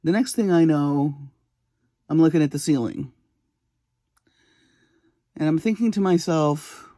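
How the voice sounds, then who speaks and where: A woman's voice: sits low, a little slow, pauses often, warm tone, dry recording, studio quality. A woman hosting a jewelry-making vlog from her home bead room at three in the morning. She tells a chatty, self-deprecating story and often breaks into laughter. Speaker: jewelry-making channel host.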